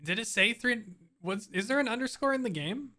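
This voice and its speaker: A man's voice: extremely high pitch, animated, brisk, pushed and bright. A man streaming a video game, joking and laughing often in casual commentary. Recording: game music playing clearly behind.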